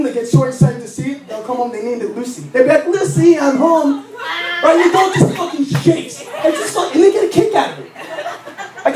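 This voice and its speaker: A young man doing a stand-up comedy set, ranting crudely and in exasperation. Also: very high voice. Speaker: stand-up comic. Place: comedy lounge. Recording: echoey club, distant mic, audience laughter.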